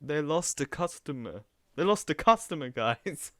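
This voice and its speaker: A man's voice: fairly high pitch, expressive, measured pace, pushed and bright, dry recording, studio quality. A man live-streaming casual reaction commentary, chatty and mocking, often laughing at what he watches.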